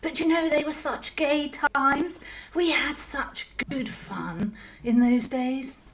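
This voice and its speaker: Lady doing a super posh 1930s society dame, gushy, high and swoopy, says darling a lot. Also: slow, a bit bright, a little hiss or hum, full character voice, low-quality recording. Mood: gushing. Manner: plummy, says "darling" often. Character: posh upper-class English society lady from the 1930s, gushing.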